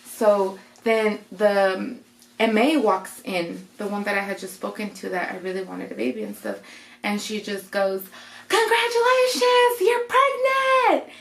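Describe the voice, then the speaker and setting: Young woman, chatty storyteller, quotes others in her own voice, medium pitch, echoey room. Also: flat delivery, measured pace, gravelly. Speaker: vlogger. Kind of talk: casual storytime. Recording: roomy echo.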